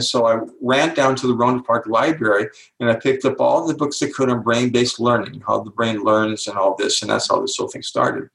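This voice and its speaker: An older man, an author and speaker, telling stories in an interview and slowing down to stress key words. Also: mid-range voice, creaky, a bit bright, reverberant, poor audio. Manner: slows down to stress key words, acts out quoted voices. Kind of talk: interview storytelling.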